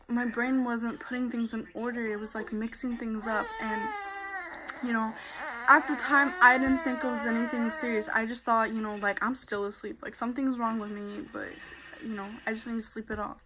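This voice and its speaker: A woman's voice: fairly high pitch, fairly even intonation, normal speed, noisy background. A young woman vlogger telling a personal story in a casual way, full of fillers. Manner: casual, many fillers like "like" and "you know".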